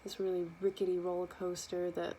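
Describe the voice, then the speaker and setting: A young adult woman telling a personal childhood story, lively and animated, acting out the quotes. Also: on the low side, a little fast, a little hiss or hum. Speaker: student storyteller.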